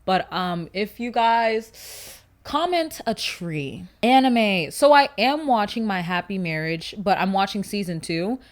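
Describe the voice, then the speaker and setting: A woman's voice: mid-range voice, big pitch swings, measured pace. A woman of twenty-one talking casually to camera as a YouTuber, chatty and slangy, rambling off on asides.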